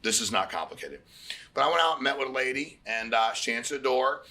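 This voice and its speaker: A middle-aged man hosting a recruiting meeting, giving a casual motivational pitch and telling stories with quoted dialogue. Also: lively intonation, fast, pushed and bright. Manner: conversational, storytelling with quoted dialogue, repeats phrases.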